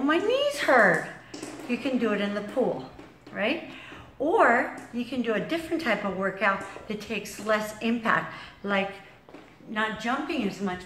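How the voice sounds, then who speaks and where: A somewhat high-voiced woman leads an exercise lesson, counting reps as she moves and running short of breath. She talks slowly and sits back from the mic. The room around her is very echoey, with a light hiss behind. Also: a bit bright, distant mic. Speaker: fitness instructor. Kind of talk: workout demonstration.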